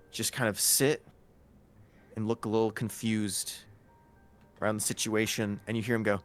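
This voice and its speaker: A man running a tabletop game as game master, narrating casually with halting fillers. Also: lowish voice.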